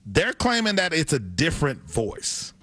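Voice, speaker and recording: Bright-voiced male sports radio host. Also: fairly high pitch, wildly swooping pitch. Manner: upbeat, reads ads quickly, laughs easily. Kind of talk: casual sports radio banter. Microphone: studio mic.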